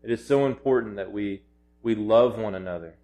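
A man's voice: lowish voice, a little fast, warm tone. A man preaching a sermon in an earnest, urgent way, often restarting his phrases and rising to emphatic peaks.

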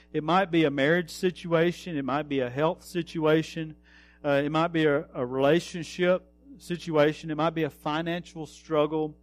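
A man preaching a sermon, earnest, slowing down to stress words and trailing off softly. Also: fairly high pitch. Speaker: pastor.

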